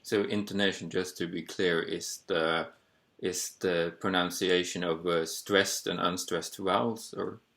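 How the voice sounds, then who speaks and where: A man's voice: deep voice, fairly even intonation, measured pace, a bit bright. A man interviewing, giving brief backchannels and asking short questions.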